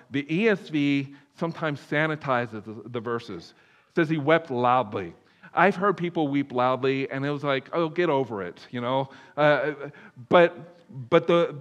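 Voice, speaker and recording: A man preaching a sermon, animated, swinging from loud emphatic bursts to hushed low passages, with many restarts. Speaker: pastor. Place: church room.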